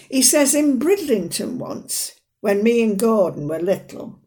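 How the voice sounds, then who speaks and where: A woman performing a dramatic monologue as a fussy, proud, sharp-tongued elderly northern mother with a dry, plain-spoken manner. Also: fairly high pitch.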